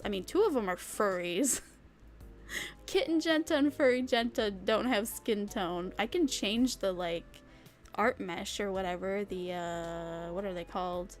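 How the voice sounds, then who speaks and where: A young woman streaming, chatting casually and rambling with lots of fillers and giggles. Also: mid-range voice. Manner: bubbly, giggly, rambling with many "like"s. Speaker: vtuber streamer. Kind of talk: casual chat with chat readers.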